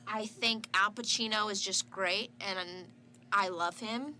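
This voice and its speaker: A woman's voice: medium pitch, steady tone, a little slow, bright, forceful tone, a little hiss or hum. A young adult woman reviewing a film in casual chat, blunt and punchy, firing off short verdicts and swearing freely.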